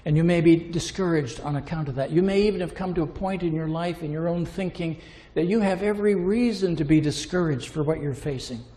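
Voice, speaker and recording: A man's high, mellow voice fills a reverberant hall as he delivers a sermon a little fast, with few pauses. His delivery rises to impassioned, emphatic heights and drops to quiet, hushed passages.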